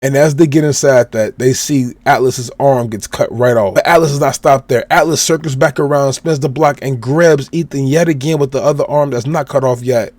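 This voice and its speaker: A man's voice: mid-range voice, steady tone, normal speed, few pauses, a little mellow, no echo. A man from Chicago hosting a podcast, casually retelling a comic chapter step by step and quoting the characters' lines. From Chicago, USA. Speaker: podcast host.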